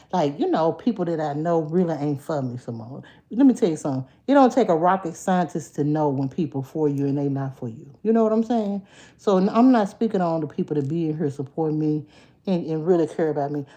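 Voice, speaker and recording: A woman hosting a casual livestream, chatting straight to her viewers, jumping to high excited calls. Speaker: livestream host.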